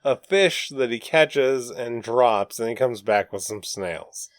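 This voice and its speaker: A man co-hosts a podcast and walks through a film plot in a relaxed, easygoing way. He speaks at a middle pitch, and his voice sounds dry and close, with little room sound around it. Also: takes it slowly, no echo. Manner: laid-back, retells plot step by step, laughs easily. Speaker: podcast co-host. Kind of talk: casual chat recapping a film. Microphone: studio microphone.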